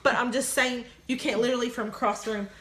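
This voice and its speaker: A woman's voice: on the high side, fairly even intonation, fast. A woman co-hosting a casual chat, talking earnestly about her feelings and often trailing off. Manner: earnest, soft-spoken, trails off. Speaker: co-host, partner.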